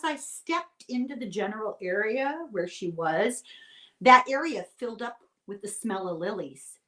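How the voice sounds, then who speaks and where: A woman born in Ireland, chatting casually and telling animated stories with laughter. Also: mid-range voice, a little slow. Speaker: guest storyteller. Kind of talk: casual chat. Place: rural United States.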